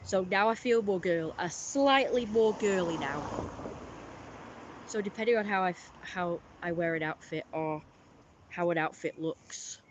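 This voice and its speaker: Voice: mid-range voice, a little hiss or hum. A streamer, rambling through a casual live-stream story with lots of fillers.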